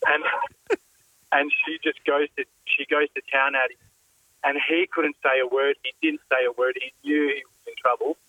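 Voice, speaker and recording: Male caller, bright, dry-sounding phone voice, halting and full of fillers. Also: mid-range voice, fairly even intonation, no room sound, low-quality recording. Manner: halting, filler-heavy with many "uh"s. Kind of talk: phone-in storytelling. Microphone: phone line.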